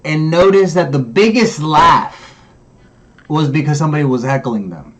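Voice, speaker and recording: A man's voice: fairly high pitch, expressive, a bit bright. A man hosting, giving wry, rambling commentary on a stand-up comedy set. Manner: wry, rambling, drawn-out remarks. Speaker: commentary host.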